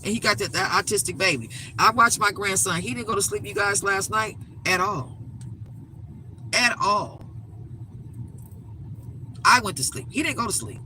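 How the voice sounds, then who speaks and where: An older woman hosting a live stream, telling a story in an emphatic, animated way and swearing freely. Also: mid-range voice, moderate pace, pauses often, a little hiss or hum, rough recording. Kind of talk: casual storytelling rant.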